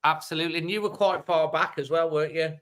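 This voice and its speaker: Bright, crisp-voiced chatty male host. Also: a little high, steady tone, fast, poor audio. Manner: chatty, upbeat, rambling run-on questions. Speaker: host of a fan phone-in show. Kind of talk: casual podcast hosting.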